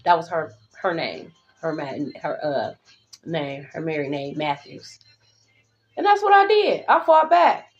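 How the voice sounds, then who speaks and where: A woman's voice: deep voice, sing-song, measured pace, soft background music. A woman tarot reader talking to her viewers in a casual spiritual monologue, blunt, profane and emphatic. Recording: dull lo-fi recording.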